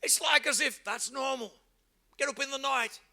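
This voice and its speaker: A middle-aged man, preaching a humorous sermon that acts out everyday scenes and bursts into shouts for emphasis. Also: very high voice, moderate pace. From England. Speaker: pastor.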